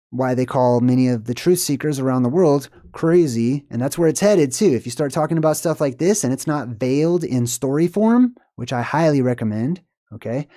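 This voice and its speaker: Casting: male vlogger, mellow warm tone, digressive and emphatic, constantly asking the viewer "right?". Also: mid-range voice. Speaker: movie symbolism commentator. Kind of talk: rambling solo commentary.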